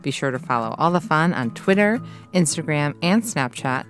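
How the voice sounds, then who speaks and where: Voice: mid-range voice, animated, moderate pace, fairly bright tone, faint music behind. A podcast host casually wrapping up an episode with announcements.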